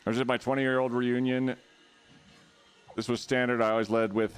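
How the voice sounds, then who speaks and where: A man's voice: medium pitch, level tone, moderate pace, clean tone, soft background music. A man streaming a video game, chatting with his viewers in a playful, jokey way. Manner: playful, jokey, shrieks and laughs. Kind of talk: casual live-stream chat.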